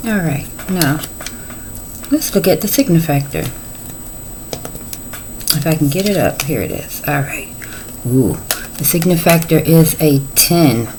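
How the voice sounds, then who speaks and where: Gravelly-voiced middle-aged woman reading tarot. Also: low-pitched, a little mellow, slight background noise, rough recording. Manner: chatty, folksy, playful asides. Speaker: tarot reader.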